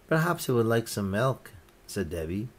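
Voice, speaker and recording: A man reading a children's picture book aloud, gently lifting his voice for each character's lines. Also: fairly low pitch, very animated, normal speed. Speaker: storyteller.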